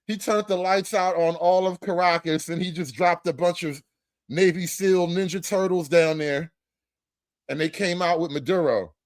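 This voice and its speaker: A man hosting comedic political commentary, slangy and animated. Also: high voice, moderate pace, no room sound. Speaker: host.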